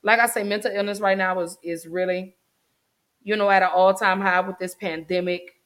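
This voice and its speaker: A woman's voice: medium pitch, fairly even intonation, moderate pace, a bit bright. A woman hosting a podcast, talking in an earnest, caring way with many fillers. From United States. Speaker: podcast host. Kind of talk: casual podcast chat.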